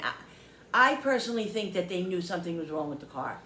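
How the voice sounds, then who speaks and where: A woman's voice: lowish voice, brisk. Woman vlogger, casual heated storytelling, roomy echo, faint background hum. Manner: animated, heated retelling with quoted dialogue.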